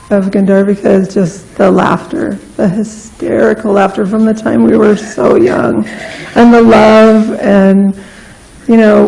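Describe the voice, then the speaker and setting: Middle-aged woman, memorial eulogy, unhurried and gravelly, laughs through her stories. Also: on the high side, rough recording. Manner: laughing, animated storytelling that turns tearful and soft. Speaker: memorial speaker. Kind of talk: personal eulogy storytelling.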